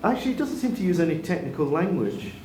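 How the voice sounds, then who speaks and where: A man's voice: a little high, big pitch swings, quick pace, a little mellow. A man leading a classroom writing session, thinking aloud and correcting himself as he edits a text. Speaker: English writing tutor. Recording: echoey room with faint noise.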